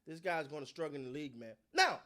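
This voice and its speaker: A man's voice: on the high side, quick pace. A man hosting his own sports channel, talking casually to his viewers and giving his opinions in a loose, slangy, repetitive way. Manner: animated, repetitive, slangy, talks to the audience. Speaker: sports commentary host.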